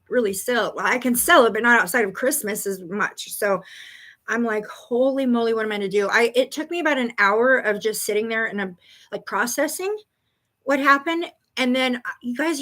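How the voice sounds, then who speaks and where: A woman hosting a live stream as a psychic reader, chatting in a bubbly, excited way and telling a story with laughs. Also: on the high side. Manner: bubbly, excited, greeting viewers by name. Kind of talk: casual live-stream chat.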